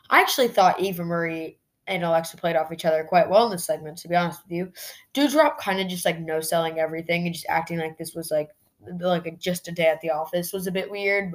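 A woman hosting a podcast, casually reviewing a wrestling show in a chatty way, full of "like" fillers. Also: fairly low pitch. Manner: chatty, heavy use of "like" fillers. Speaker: podcast host.

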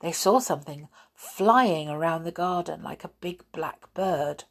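A woman reads a children's story aloud, gentle and expressive. Her voice is low, slow and husky, and she takes her time over each line. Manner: gentle, expressive, with soft laughs.

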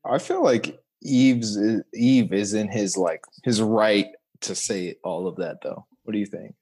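A man with a lowish voice co-hosting a music podcast, introducing segments and tossing questions to his partner. He speaks in a relaxed, easygoing way, hedging with "like" and "you know.". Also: a little slow, slightly rough. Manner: relaxed, conversational, hedging with fillers. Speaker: podcast co-host. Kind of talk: casual podcast chat about music.

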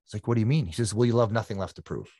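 A man's voice: lowish voice, very fast, warm tone, dry recording, clean studio sound. A man, a guest endurance athlete, telling his personal story in an earnest, reflective conversational way, often repeating phrases for emphasis.

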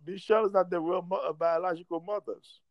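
A man's voice: sits high, fairly even intonation, fast talker, no echo, lo-fi sound. A man in casual chat who talks in a rambling, profane way and laughs often.

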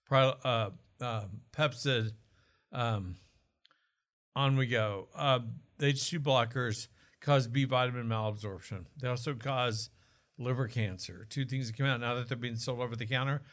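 A man's voice: medium pitch, steady tone, a little slow, a bit bright. A man from Oklahoma talking casually about health as a co-host, explaining with asides and jokes. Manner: chatty, explanatory, jokes and restarts.

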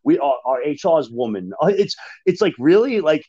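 Emphatic, talkative man, fairly high voice. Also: very animated, normal speed, mellow, dry recording. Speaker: union manager, guest. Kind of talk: animated podcast conversation. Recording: dull lo-fi dry sound.

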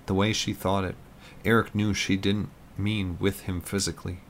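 Deep-voiced man reading a story. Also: level tone, normal speed, few pauses, slight background noise. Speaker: narrator. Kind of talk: audiobook narration.

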